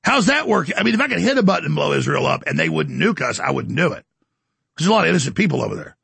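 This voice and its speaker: A man's voice: fairly high pitch, big pitch swings, racing, creaky, a bit bright, slightly rough, no room sound. A man hosting a talk show, delivering a heated, boastful political rant and breaking into mocking voices. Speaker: commentary show host.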